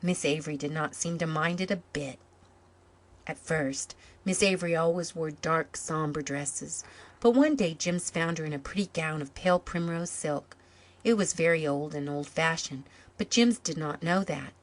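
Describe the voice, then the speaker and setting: A woman reading a story aloud in calm, measured scripted narration. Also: sits low. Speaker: story reader.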